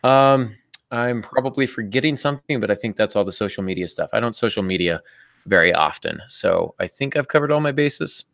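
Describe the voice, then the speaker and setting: A man's voice: fairly low pitch, animated, a little fast, gravelly, fairly bright tone, dry recording, clean studio sound. A man in his thirties hosting a writing podcast in a casual, joking chat full of fillers. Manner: chatty, joking, many fillers. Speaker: podcast host.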